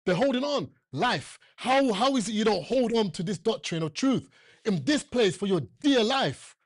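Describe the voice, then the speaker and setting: Guy with a pretty high voice preaching, keeps repeating himself, jokes around w the crowd and throws questions at them. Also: expressive, moderate pace, dry recording, studio quality. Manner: emphatic and repetitive, with joking asides to the congregation; asks the listeners questions often. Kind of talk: sermon.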